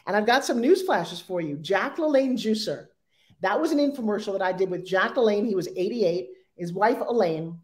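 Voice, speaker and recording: A woman in her sixties speaking as an interview guest, animated and acting out sales pitches in quoted voices. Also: moderate pace. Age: 60s. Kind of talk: energetic interview talk.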